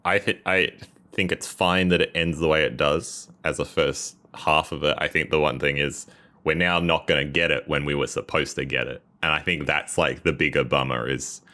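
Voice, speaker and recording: A man's voice: rumbling low, fairly even intonation, moderate pace, bright, forceful tone. A man talking casually about a movie on a podcast, rambling with hesitant restarts. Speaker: co-host. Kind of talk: casual chat.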